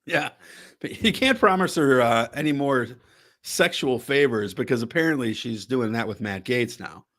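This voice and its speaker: A man of ordinary pitch co-hosting a stream with a joking tone. He stumbles and restarts his sentences, laughing often as he talks. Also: lively intonation, normal speed, a bit bright. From Connecticut. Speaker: co-host of a political stream. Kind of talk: casual political chat.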